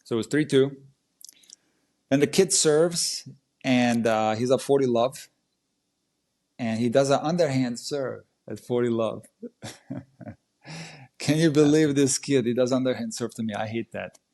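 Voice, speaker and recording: Man, tennis coach, casual podcast talk, animated storytelling, mid-range pitch. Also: unhurried, pauses often. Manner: vivid, animated retelling of a match.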